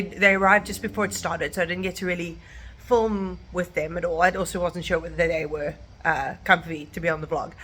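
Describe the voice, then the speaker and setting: A woman's voice: medium pitch, fairly bright tone. A woman from South Africa chatting casually to camera in a vlog, rambling with lots of fillers and restarts. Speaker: vlogger. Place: at home and outdoors in a park.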